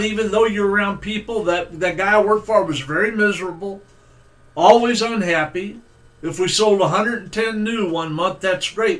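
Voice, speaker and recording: High-voiced man preaching with folksy stories. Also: moderate pace, fairly bright tone. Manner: folksy, conversational with fillers. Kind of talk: storytelling sermon.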